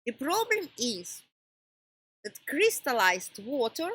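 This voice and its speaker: A woman gives a wellness lesson at an unhurried pace, with a bright, breathy tone. She speaks non-native English phrasing and often stops mid-sentence to search for a word. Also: sits high, very animated, no echo, poor audio. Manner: halting, pauses to search for words. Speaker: wellness teacher. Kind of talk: informal teaching talk.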